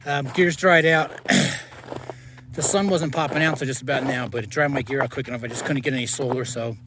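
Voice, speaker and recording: A man's voice: fairly even intonation, a little fast. Brief: out-of-breath male hiker filming himself on a mountain trail, mid-range voice, faint outdoor noise behind. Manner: tired, breathy and puffing at high altitude. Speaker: thru-hiker vlogger. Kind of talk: casual hiking vlog.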